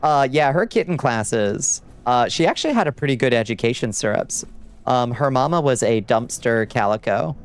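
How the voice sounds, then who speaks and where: A man streams a game from his room, talking loosely to his chat with fillers and the odd curse. His voice is smooth and resonant, sitting at an ordinary middle pitch, picked up by a desk microphone. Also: expressive, moderate pace. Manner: loose and profane, rambling with fillers. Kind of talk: casual gameplay chat with viewers.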